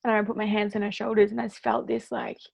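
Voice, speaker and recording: A woman's voice: medium pitch, flat delivery, fast, vocal fry, a little mellow, dry recording, clean studio sound. A woman telling stories as a podcast guest in a casual chat, leaning on "like" and acting out what people said. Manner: chatty, fills speech with "like", acts out quoted dialogue.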